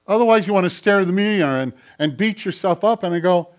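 A man preaching a sermon as a pastor, with an expressive delivery that swings from loud emphasis down to quiet, low prayer. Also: brisk. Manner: acts out quoted voices in the middle of teaching.

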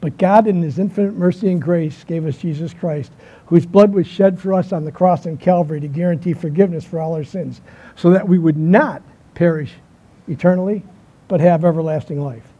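A man preaching a sermon, moving between emphatic lines and quiet pauses, telling a story to make his point. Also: on the high side, slightly rough. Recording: dull lo-fi sound.

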